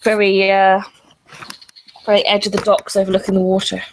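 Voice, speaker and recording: A woman's voice: medium pitch, completely flat delivery, normal speed, a little hiss or hum, poor audio. A woman narrating a tabletop role-playing game as storyteller, hesitant and full of fillers.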